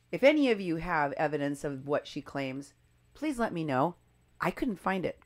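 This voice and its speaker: Low-voiced skeptical woman commentator. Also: sing-song, moderate pace. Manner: emphatic, skeptical, stressing key words. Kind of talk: commentary on clips and posts.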